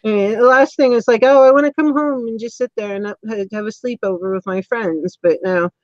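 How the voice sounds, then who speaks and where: A woman hosting a live stream over a video call responds with sympathy and reads out viewer comments. Her voice is slightly high. The audio is dull and very dry, with no room sound. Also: brisk, a little mellow, no room sound. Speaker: interview host.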